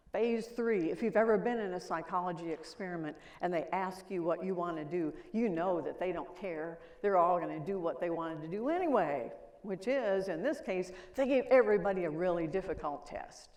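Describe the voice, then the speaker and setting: In a lecture hall full of reverb, an older keynote speaker shares stories and questions her listeners. Her fairly low, slightly mellow voice moves at a moderate pace with lively intonation.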